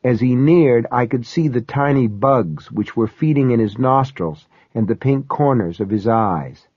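Male audiobook narrator, horror tale, measured delivery, dry close sound, dull lo-fi audio. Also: medium pitch, expressive, breathy edge, no echo.

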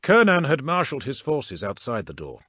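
Expressive male audiobook narrator. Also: medium pitch, normal speed, breathy edge, dry recording, studio quality. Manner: dramatic, expressive reading. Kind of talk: scripted narration.

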